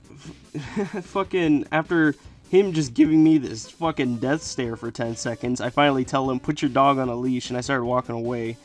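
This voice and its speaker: A teenage boy excitedly telling a profane personal story in casual speech. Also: medium pitch. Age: teens. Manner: profane, animated, excitable retelling.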